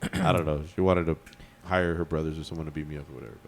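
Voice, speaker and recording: A man's voice: extremely low pitch, steady tone, rapid-fire. A man, co-hosting a podcast and telling a story in a rambling, laid-back way. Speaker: podcast co-host. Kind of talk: casual chat, storytelling.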